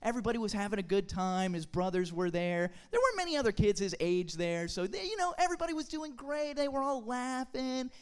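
Young adult, church group speaker, animated storytelling, chatty, casual fillers, mid pitch. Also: brisk, hardly any pauses, clean tone. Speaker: speaker at a church youth gathering. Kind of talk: humorous storytelling talk to a group.

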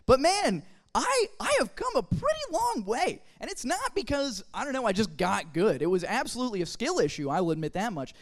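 A young adult telling a funny story to a church group, in a chatty, animated way with casual fillers. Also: medium pitch, a little fast. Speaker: speaker at a church youth gathering. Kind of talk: humorous storytelling talk to a group.

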